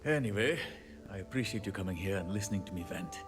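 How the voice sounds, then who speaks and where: A low, expressive male voice delivers fast video game dialogue for a tired handyman who makes fun of himself. Game music runs underneath as he chats, apologizes and gives light, rueful laughs.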